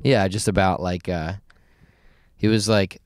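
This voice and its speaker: A man's voice: low voice, steady tone, a little slow, clear, resonant tone, no echo, studio quality. A young man co-hosting a podcast in casual chat, telling stories animatedly and laughing often. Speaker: podcast co-host.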